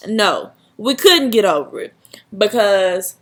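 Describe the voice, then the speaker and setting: A young woman vlogger telling a personal story in a casual, animated, dramatic way, full of slang. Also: medium pitch, slow.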